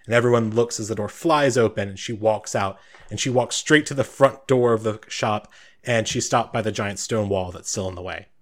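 Male game master, low-pitched, easygoing tabletop narration. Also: normal speed.

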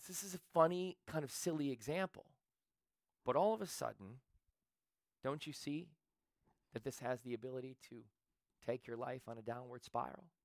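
A man's voice: medium pitch, dry recording, clean studio sound. A man preaching a sermon as pastor, talking conversationally with rhetorical questions. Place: church.

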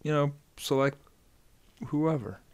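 A man's voice: a little high, expressive, slow, smooth, highs cut off. A man in casual podcast banter, crude and joking. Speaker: podcast co-host. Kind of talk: casual chat.

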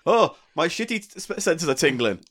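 A man's voice: a little high, big pitch swings, fairly quick, a bit bright, a little hiss or hum. A man co-hosting a comedy podcast, sweary and mock-exasperated in playful banter. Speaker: podcast co-host.

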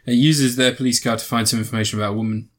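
A man's voice: mid-range voice, steady tone, rapid-fire. A man co-hosting a casual podcast and reviewing films, rambling and cutting himself off with crude jokes. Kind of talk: casual chat, film review.

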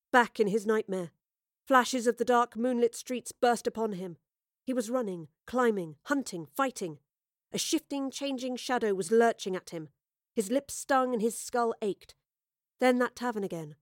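A woman narrating a dramatic audio story in a measured, storytelling voice. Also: on the high side, no echo, clean studio sound.

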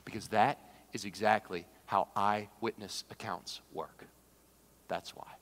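A man preaching a sermon, who swings from shouted, acted-out quotes down to hushed, slow asides. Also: on the low side, slight background noise. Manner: animated preacher, shouts dramatized quotes, then drops to a hush. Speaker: pastor. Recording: long hall reverb.

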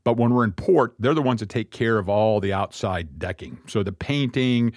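Low-voiced middle-aged man telling a story. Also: a little mellow, no echo, studio quality. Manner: earnest, reflective, with frequent pauses and restarts. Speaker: Messianic rabbi. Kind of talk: personal storytelling sermon.

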